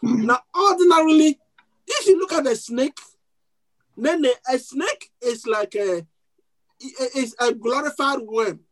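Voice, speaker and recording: In a high, unhurried voice, a pastor with a foreign accent preaches to his congregation during a church service, captured on a low-quality recording. His sermon works through call and response, with questions put to the people and key words repeated.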